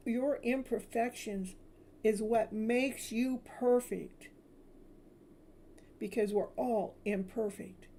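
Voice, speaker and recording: A woman tarot reader speaking soothing spiritual affirmations, slowly repeating each phrase. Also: medium pitch, creaky, mellow, slight background noise.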